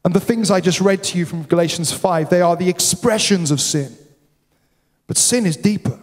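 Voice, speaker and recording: A man preaching in a church, his fairly high voice carrying through a long reverberant hall. He drives points home by repeating key words, sometimes sinking low and quiet for solemn lines. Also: moderate pace. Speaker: pastor. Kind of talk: sermon.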